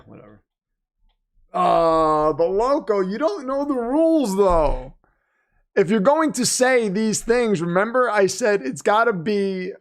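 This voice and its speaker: A man hosting a live game watch-party stream, chatting casually, joking and reading out donations. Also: high-pitched. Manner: chatty, joking, reads donations aloud, mocks the team's managers. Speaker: livestream host.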